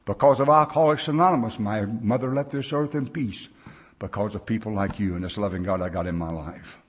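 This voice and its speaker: A fairly low, husky male voice moves along fairly quickly as an older American man tells a conference crowd about his recovery. He speaks plainly, in a folksy way, and voices the people in his tale himself.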